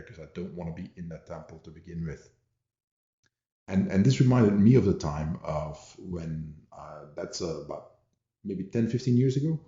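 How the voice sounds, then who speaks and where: A man's voice: sits low, dark tone. A man hosting a podcast, telling martial arts anecdotes in a rambling, amused way with many restarts and asides. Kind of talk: casual storytelling monologue. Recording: dull roomy home recording.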